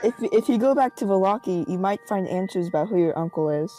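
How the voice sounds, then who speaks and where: A woman playing a tabletop game, easygoing and quick to giggle. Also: medium pitch, lively intonation, dark tone, soft background music, rough recording. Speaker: player. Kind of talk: tabletop role-play chat.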